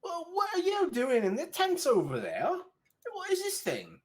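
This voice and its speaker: A man's voice: huge pitch swings, normal speed, exaggerated voice. A man voicing a stern young town guard who barks questions in a raised, pointed, exasperated voice. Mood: suspicious. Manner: high-pitched, demanding, exasperated.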